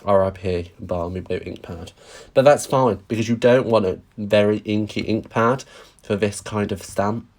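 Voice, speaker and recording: Chatty man, lowish voice. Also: fairly even intonation, moderate pace, darkish tone. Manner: chatty, greets viewers, self-deprecating asides. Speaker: stamping craft demonstrator. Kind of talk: casual live-stream craft demo.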